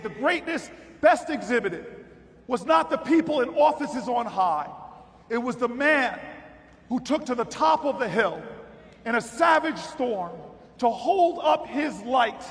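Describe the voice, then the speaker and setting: A man giving a political convention speech, telling a dramatic story in a rally style. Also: very high-pitched. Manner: vivid storytelling that builds to shouted rallying cries. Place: large convention hall. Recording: long hall reverb, faint crowd ambience.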